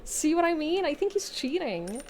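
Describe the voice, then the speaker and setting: High, lively woman streamer. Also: moderate pace, a little hiss or hum. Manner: talks to the game, swears, shifts from muttering to yelling; thinks aloud and laughs between moves. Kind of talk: live gameplay commentary.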